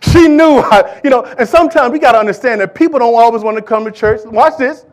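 A man's voice: extremely high pitch, fast. A man preaching a sermon in church, with an impassioned, repetitive cadence, talking directly to the congregation. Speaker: pastor.

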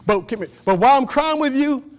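A pastor preaches a sermon at a moderate pace, animated as he swings between loud exhortation and soft, low asides. He repeats short phrases for emphasis.

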